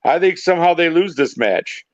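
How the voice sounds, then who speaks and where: A man co-hosting a loose chat, his voice a touch high and his manner confident as he sets the record straight. The recording is dull and lo-fi, in a dry room with no echo. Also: animated. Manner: confident, quick to correct and explain. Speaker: podcast co-host. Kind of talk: casual wrestling chat.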